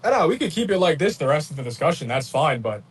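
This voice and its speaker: A man rattles off his lines fast in a smug, taunting voice. He is a guest in a streamed debate. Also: a little high, very animated, breathy edge.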